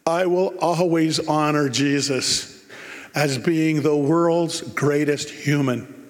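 High-voiced preacher in an echoing hall. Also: male voice, slow. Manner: emphatic, repeats key phrases for effect. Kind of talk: sermon.

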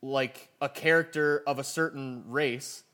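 A man co-hosting a podcast in casual chat, animated, laughing easily and restarting his sentences. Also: medium pitch, measured pace. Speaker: podcast co-host.

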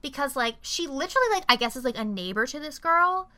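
Young female co-host, bright and a bit high, profane animated movie recap on a video call. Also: fast. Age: young adult. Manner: profane, animated retelling with acted-out quotes. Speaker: podcast co-host. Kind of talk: casual chat reviewing a movie.

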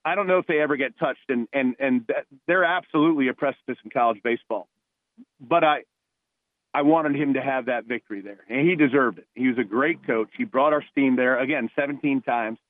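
Speaking briskly in a mid-range voice, a former college ballplayer turned retired police officer from New Jersey calls in as a radio guest. His heartfelt stories ramble and restart frequently. The phone audio is tinny and dry, with no room sound.

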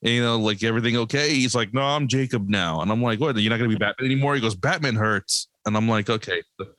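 A man's voice: on the low side, rapid-fire, a bit bright, dry recording. A man in his thirties casually telling a funny story about his child, laughing and acting out the lines.

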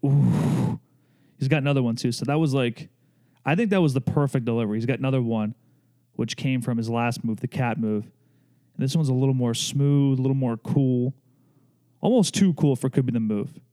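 Podcast host, young man, mellow, loose joking ramble. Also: medium pitch, normal speed. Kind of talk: casual chat.

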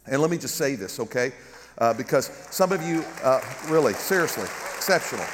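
Fairly quick and mid-range in voice, a middle-aged Southern American man serves as guest pastor, joking and preaching with animation while calling for amens. Crowd noise and a noisy background fill the big room of a large church with a balcony.

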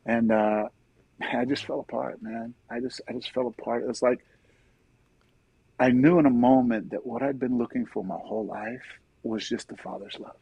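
Gravelly middle-aged man sharing a testimony. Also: medium pitch, fairly even intonation, moderate pace, dry recording, muffled recording. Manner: earnest storytelling, often says "man", soft-spoken at emotional points. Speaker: interview guest. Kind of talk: personal faith testimony in conversation.

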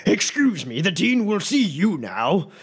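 A man voicing a burly, hot-tempered male professor who rants and shouts. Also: sits high, very animated, unhurried, husky, pitched above the performer's own voice, heavily acted. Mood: angry ranting. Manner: shouting, ranting.

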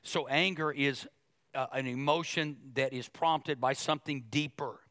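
A middle-aged male pastor preaching a sermon, animated and jokey, acting out other people's voices as he goes. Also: medium pitch, unhurried, no room sound, clean studio sound.

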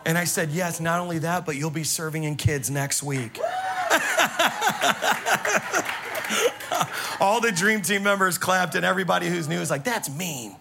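Male pastor, sermon, animated storytelling, slightly high voice, gravelly fry. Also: fairly quick, hardly any pauses, very noisy. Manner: animated, exclamatory storyteller addressing the congregation. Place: church service.

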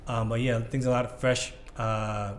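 A man's voice: medium pitch, level tone, a little hiss or hum. A man from Ghana, a guest on a podcast, talking loosely and filling his talk with "you know". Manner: quick, loose, full of "you know" fillers. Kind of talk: casual chat.

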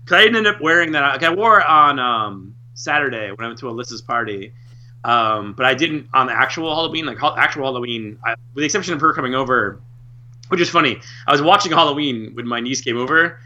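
Casual co-host, a man with a sharp, bright voice who rambles through his stories. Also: mid-range voice, fast talker, highs cut off. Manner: rambling, heavy on filler words and restarts. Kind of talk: casual chat.

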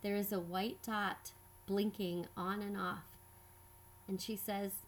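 A woman telling a personal story in scripted narration, measured and reflective. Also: medium pitch, steady tone, a little hiss or hum. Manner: measured, reflective, quietly earnest.

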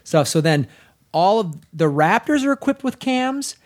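A man's voice: high voice, sing-song, a little slow. A man co-hosting a podcast, emphatic and enthusiastic as he talks about a movie, swearing for effect. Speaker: podcast co-host. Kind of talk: casual film discussion.

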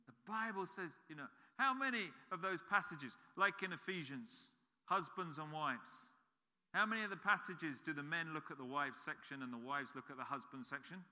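A man's voice: fairly high pitch, animated, normal speed, pushed and bright. A man preaching a sermon as a pastor, emphatic and repeating key phrases. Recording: reverberant hall.

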